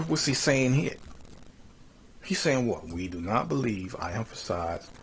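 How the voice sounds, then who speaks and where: A man giving casual commentary, reading quotes slowly and then rising into heated, mocking rants that end phrases with "man". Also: on the low side, vocal fry, a little hiss or hum, low-quality recording. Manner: drawls "man" at phrase ends. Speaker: religious commentator.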